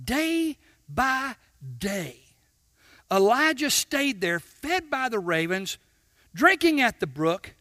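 A man preaching a sermon, swinging from shouts to hushed tones and acting out little dialogues with God. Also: extremely high pitch, very animated, slow, long pauses, dry recording, studio quality. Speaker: pastor.

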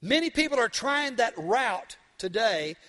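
A male preacher with a high, bright and forceful voice delivers a storytelling sermon. He drives his points home with emphasis and drops to a hush at times. He asks the congregation questions as he goes. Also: sing-song, measured pace, big-room sound. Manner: emphatic, swings from loud to hushed.

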